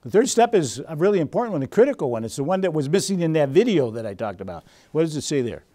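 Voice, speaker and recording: A man leads a training seminar in a lively, engaging way. He fires questions at the group and steps into little role-plays to make his points. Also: a little high, quick pace. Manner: animated, quizzes the audience and acts out scenes. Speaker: seminar presenter. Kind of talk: interactive seminar teaching.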